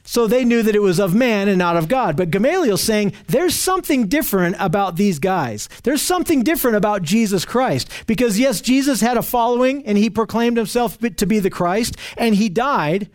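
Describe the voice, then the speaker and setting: High-voiced earnest male preacher. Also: expressive, moderate pace, darkish tone. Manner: earnest, emphatic, frequent restarts while explaining scripture. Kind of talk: verse-by-verse sermon.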